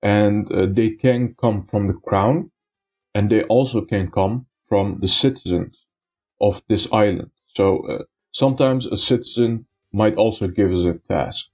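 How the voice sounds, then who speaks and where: Male let's-play host, low mellow voice, explanatory and unhurried. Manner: explanatory, step-by-step, with frequent uh and so. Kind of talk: gameplay commentary.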